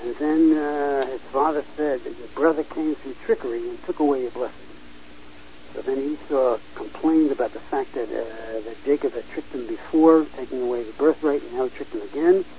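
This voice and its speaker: A man teaching a Torah class, halting often with fillers and restarts as he reads verses aloud and explains them. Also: mid-range voice, mellow, a little hiss or hum. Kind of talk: Bible class lecture. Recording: dull lo-fi recording.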